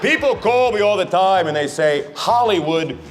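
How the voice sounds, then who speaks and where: A man playing a smug, pompous male personification of Hollywood at a roast, with slow dramatic pauses over loud background noise. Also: high voice, animated. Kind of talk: roast stand-up.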